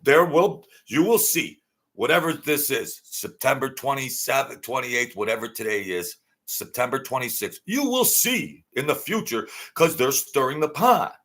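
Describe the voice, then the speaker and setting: A man's voice: mid-range voice, expressive, normal speed, fairly bright tone. A man delivering a blunt, heated, repetitive ranting monologue as an online commentator.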